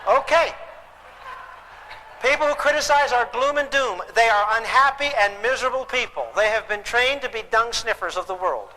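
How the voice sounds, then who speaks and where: A man's voice: very high voice, bright, forceful tone. An older man giving a live parenting lecture, folksy and joking, often asking the audience questions. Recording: hall reverb, faint background noise.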